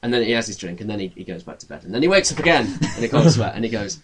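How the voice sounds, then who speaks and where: A man on a casual podcast, telling an absurd tale off the cuff. He laughs a lot and slips into quick put-on voices for the people in his story. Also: on the low side, sing-song, a little hiss or hum. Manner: playful, laughing often, acts out voices. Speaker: podcast co-host. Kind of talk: improvised comic storytelling.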